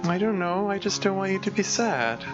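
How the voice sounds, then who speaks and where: A man's voice: animated, moderate pace. A man doing a sweet, clumsy schoolgirl. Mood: earnest. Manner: high, bright put-on girlish voice, nervous and earnest. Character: eager awkward teenage schoolgirl, sweet and clumsy. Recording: dull lo-fi sound with music behind.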